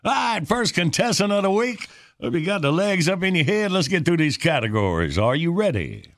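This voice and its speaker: A man hosting a morning radio show, running a trivia game with lively, upbeat banter. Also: high-pitched, a little fast. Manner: lively, upbeat announcer delivery.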